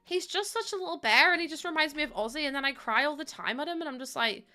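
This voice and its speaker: A woman's voice: sits high, animated, quick pace, pushed and bright, soft background music. A young woman live-streaming, chatting casually with her chat, giggling often and greeting viewers as she talks.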